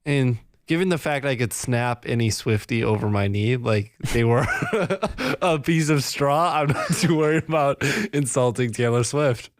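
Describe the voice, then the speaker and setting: A young man with a mid-pitched voice, talking bluntly and emphatically on a podcast. He makes brash jokes. The recording is dry and close. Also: measured pace, few pauses, no room sound. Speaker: podcast co-host. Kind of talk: casual podcast chat.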